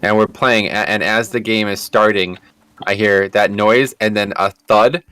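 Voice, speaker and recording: A man streaming a game, telling a rambling story in an animated, casual way and swearing freely. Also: on the low side, unhurried, clear, resonant tone, dry recording.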